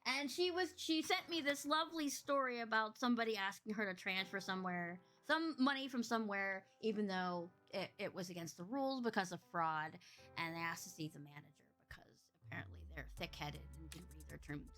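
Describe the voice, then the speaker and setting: A woman's voice: mid-range voice, a little fast, fairly bright tone, soft background music. A young woman co-hosting a podcast, telling exasperated customer service stories in a ranting, casual way. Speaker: podcast co-host. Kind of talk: casual chat.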